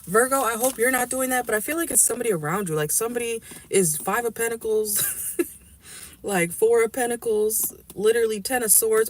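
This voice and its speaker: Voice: medium pitch, a little fast. A tarot reader in a car giving a casual, rambling and blunt reading to viewers, swearing freely. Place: inside a car.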